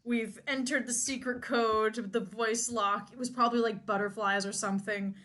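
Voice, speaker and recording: A woman co-hosting a podcast in casual chat, easygoing and quick to laugh, steering the talk. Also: a little high, fairly even intonation, a bit bright. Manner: easygoing, laughs along, leads the segment. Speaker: podcast co-host.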